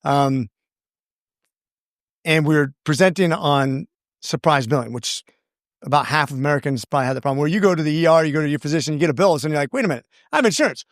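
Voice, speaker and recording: A congressman appears as a guest on an interview show, earnestly telling stories at length in a casual way, circling back and restarting sentences often. His voice is fairly high for a man, with a quick pace and frequent pauses. The sound is close and dry, with no room echo.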